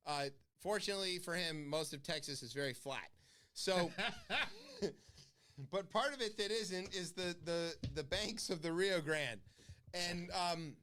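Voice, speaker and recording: A man's voice: on the high side, fairly bright tone. A man hosting a casual political chat show, rambling with fillers and laughing often. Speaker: radio podcast host.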